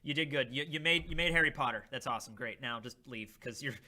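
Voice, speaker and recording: A young man hosting a casual charity livestream, reading chat aloud and trying snacks with a rambling, animated manner. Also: medium pitch, fast. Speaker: livestream host.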